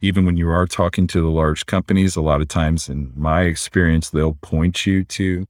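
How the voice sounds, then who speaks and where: Very deep-voiced man explaining plainly. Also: normal speed, dry recording, clean studio sound. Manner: relaxed, explanatory, frequent "right?" tag questions. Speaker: physician entrepreneur guest. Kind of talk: conversational explaining.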